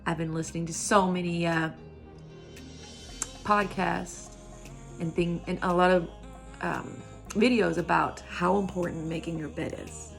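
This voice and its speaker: A middle-aged woman speaking in a heartfelt motivational monologue, earnest and repeating phrases for emphasis, sometimes dropping to a soft whisper. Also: fairly low pitch, fairly even intonation, a little slow, creaky, pauses often, faint music behind. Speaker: self-help vlogger.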